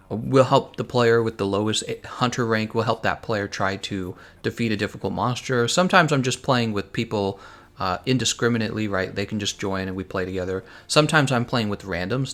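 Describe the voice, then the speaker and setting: A man's voice: fairly low pitch, fairly bright tone. A man streaming a game live, rambling as he thinks aloud and answers viewers' chat messages. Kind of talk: casual live-stream chat while gaming.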